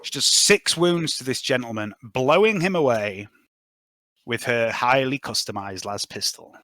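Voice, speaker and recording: A man narrating a tabletop game as game master, chuckling and quickly reading out dice results. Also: mid-range voice, sharp tone, dry recording.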